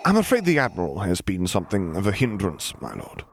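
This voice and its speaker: Man reading a calm male ship captain: measured, deep-voiced, dutiful. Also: slight background noise, exaggerated voice. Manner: measured and even.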